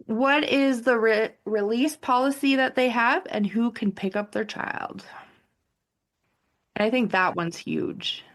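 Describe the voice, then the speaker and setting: A woman's voice: fairly high pitch, slow, a bit bright. A woman co-hosting a casual podcast, a childcare provider who explains things practically and uses many fillers. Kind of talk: casual chat.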